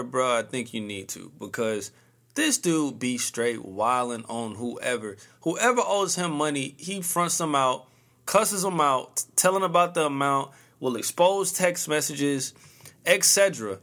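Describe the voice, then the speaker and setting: Fairly high-pitched with a fairly bright tone, this man in his early 30s rambles casually through a solo podcast monologue, using plenty of slang.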